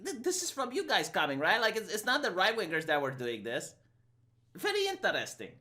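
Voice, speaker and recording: A man's voice: high voice, huge pitch swings, sharp tone. A man with a Romanian accent, a streamer giving an argumentative, sarcastic opinion monologue. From Eastern Europe. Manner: sarcastic, argumentative, quick mock impressions.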